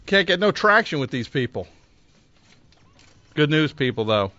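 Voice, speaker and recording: A man's voice: fairly high pitch, sing-song, measured pace, pushed and bright, no room sound. A man hosting a call-in radio show, sarcastic and exasperated, mocking his callers. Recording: slightly dull studio recording.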